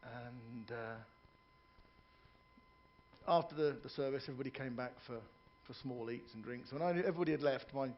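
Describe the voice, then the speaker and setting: A man's voice: mid-range voice, moderate pace, pauses often, lo-fi sound. A man performing stand-up comedy in a ship's theatre, telling jokes, doing characters' voices and joking with the audience.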